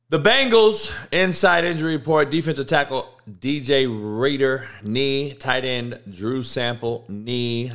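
A man's voice: mid-range voice, a bit bright. A man hosting a sports betting show, reading injury news in a casual, offhand way with frequent swearing. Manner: profane, offhand, reads news aloud.

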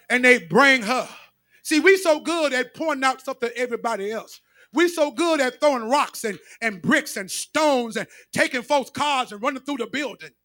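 A man's voice: extremely high pitch, bright, forceful tone, no echo, studio quality. A male pastor preaching a sermon with emphatic repetition, speaking straight to his congregation.

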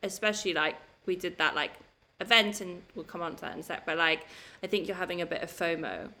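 A woman's voice: on the low side, fast, pushed and bright. A woman hosting a podcast in a casual chat, talking chattily and filling her speech with "like". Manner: chatty, filler-heavy, many "like"s. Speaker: podcast host.

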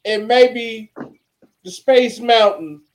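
A man's voice: very high-pitched, extremely slow. A man co-hosting a casual wrestling podcast, laid-back, dismissive and profane. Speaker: podcast co-host.

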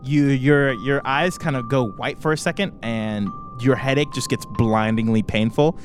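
A man's voice: medium pitch, normal speed, faint music behind. A man narrating a tabletop game as game master, hesitant and full of fillers.

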